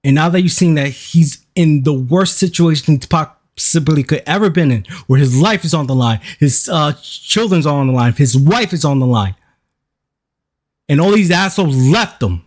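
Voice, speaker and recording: An excitable man reacting to a clip on a live stream. His voice sits a little high and swings widely up and down as he hypes it up. He talks profanely and eggs the clip on. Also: moderate pace.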